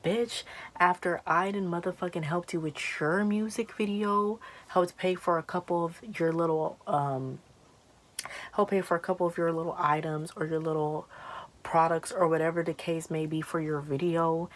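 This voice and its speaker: A young woman vlogger telling a story in a casual, chatty way, animated and swearing freely, while she takes down her braids at home. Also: lowish voice, normal speed.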